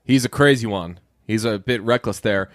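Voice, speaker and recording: A man's voice: fairly low pitch, moderate pace, dry recording, clean studio sound. A man co-hosting a podcast in casual chat, jokey and given to acting out mocking voices. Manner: jokey, acts out mocking voices in animated bursts. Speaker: podcast co-host.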